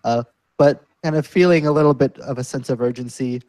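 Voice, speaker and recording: A man's voice: medium pitch, brisk, a little mellow, no room sound, poor audio. A man describing his character's actions in a tabletop game, thoughtful and a little hesitant. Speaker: player.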